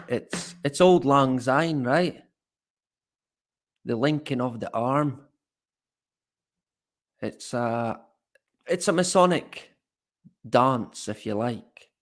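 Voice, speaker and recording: A man talks slowly and loosely on a live stream, scoffing at the stories he brings up. His pitch sits in the middle range for a man. He drifts between topics and now and then reads lines from the chat. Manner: mocking, rambling, swears casually. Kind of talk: casual live stream commentary, reading chat.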